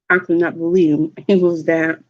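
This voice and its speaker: A woman, a mother, telling stories in a relaxed, chatty way while eating on a livestream vlog. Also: sits low, highs cut off. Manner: slow, chatty storytelling with laughs. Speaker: mukbang vlogger. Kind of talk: casual chat while eating. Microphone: livestream mic.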